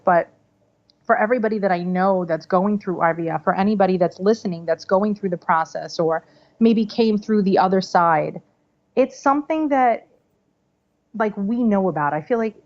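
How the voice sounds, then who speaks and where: A woman in her thirties, a podcast guest telling a personal story in a chatty, animated way, full of "like" and "you know". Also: mid-range voice. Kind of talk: casual storytelling interview. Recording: slightly dull podcast audio.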